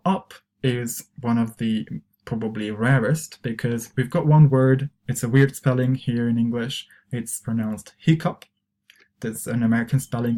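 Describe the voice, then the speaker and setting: A man coaching English pronunciation, patiently modelling words and sentences slowly for the listener to repeat, with chatty asides in between. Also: mid-range voice, dark tone. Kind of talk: pronunciation lesson.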